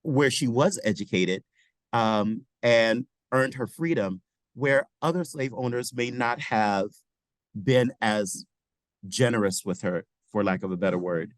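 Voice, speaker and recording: A man with a mid-range voice shares his thoughts on a video call, pausing as he searches for the right words. His sound is dry and close. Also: medium pitch, no room sound, low-quality recording. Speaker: teacher participant. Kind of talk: reflective discussion remarks.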